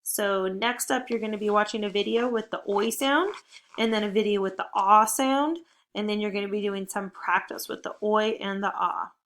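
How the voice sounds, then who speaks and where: A young woman teacher leading a phonics lesson for young children, upbeat and encouraging, with clear drilled prompts. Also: mid-range voice, normal speed, a bit bright.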